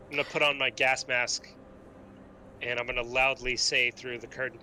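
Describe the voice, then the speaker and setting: A man's voice: medium pitch, little pitch movement, moderate pace, pushed and bright, slight background noise. A man playing a tabletop role-playing game, speaking earnestly and friendly in character. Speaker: player. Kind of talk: casual tabletop role-play.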